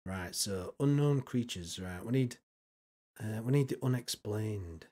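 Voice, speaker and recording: A man's voice: on the low side, animated, unhurried, warm tone. A man with a Yorkshire accent giving casual, blunt, sweary commentary while reacting to videos on a stream. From Yorkshire, England. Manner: blunt, sweary, joking asides.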